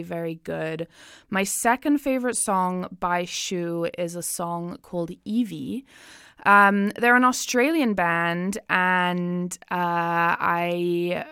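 A woman's voice: fairly low pitch, sharp tone, clear, resonant tone, no room sound, studio quality. A woman from the Seychelles hosting a radio show, chatting casually between songs with lots of fillers. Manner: chatty, filler-heavy, self-deprecating. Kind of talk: casual chat introducing songs.

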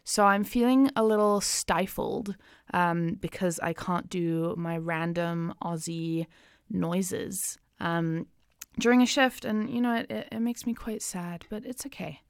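A woman's voice: on the low side, a little slow, smooth, no echo, clean studio sound. A woman from the Seychelles hosting a radio show, chatting casually between songs with lots of fillers. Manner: chatty, filler-heavy, self-deprecating. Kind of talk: casual chat introducing songs.

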